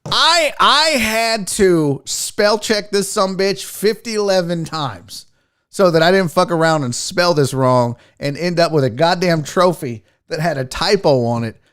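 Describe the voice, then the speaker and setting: A man's voice: high-pitched, lively intonation, a little slow, a bit bright, smooth. A man hosting a sports talk livestream, chatting casually and profanely while teasing his chat. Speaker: sports show host.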